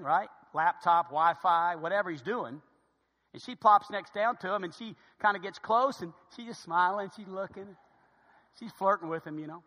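A man's voice: sits high, long reverb tail. A middle-aged man preaching as a pastor, telling a story conversationally and repeating words as he goes. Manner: repeats words, conversational, grows hushed when serious. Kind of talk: storytelling sermon.

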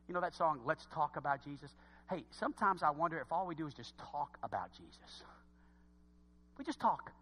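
A man preaching a sermon in church, swinging from quiet asides to loud exhortation. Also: on the high side, animated, quick pace, slightly rough, long reverb tail.

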